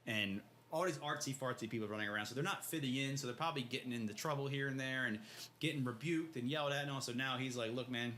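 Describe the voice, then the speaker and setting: In a casual book discussion on his podcast, this co-host runs through the scenes in slangy, loose talk and performs the characters' dialogue. He talks fast in a pushed, bright mid-range voice, with a little hiss or hum audible.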